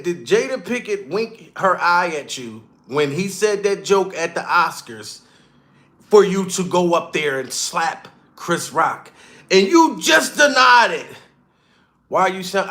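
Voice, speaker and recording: Loud high-voiced man ranting. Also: sing-song, takes it slowly. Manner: loud, rowdy, laughing, swearing. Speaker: comedy commentator. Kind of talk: profane reaction commentary.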